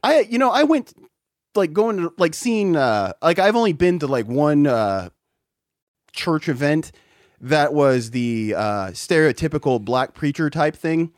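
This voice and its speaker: A man's voice: on the high side, expressive, measured pace, dry recording, studio quality. A man in casual chat, telling stories with lots of swearing and laughter. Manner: profane, laughing storyteller.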